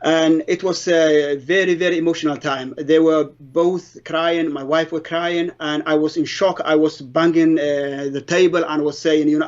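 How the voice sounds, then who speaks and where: Middle-aged guy telling his testimony, slightly high voice, halting and earnest, dull lo-fi sound. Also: fairly even intonation. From Somalia. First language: Somali. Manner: halting, earnest storytelling with broken English grammar. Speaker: interviewee giving a testimony. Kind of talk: personal conversion testimony.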